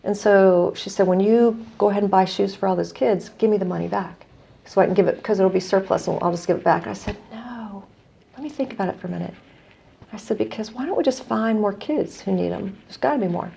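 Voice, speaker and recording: A woman's voice: mid-range voice, a little fast, gravelly, mellow, slight background noise. A middle-aged woman from the United States, an earnest guest telling a story in conversation and quoting others as she goes. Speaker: guest, non-profit executive director.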